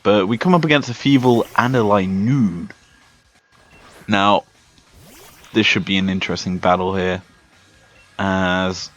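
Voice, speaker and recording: A young British man giving relaxed, chatty commentary while playing a video game. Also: fairly low pitch. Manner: slow, laid-back, chatty. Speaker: Let's Play host. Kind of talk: casual gameplay commentary. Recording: dull lo-fi sound with faint music.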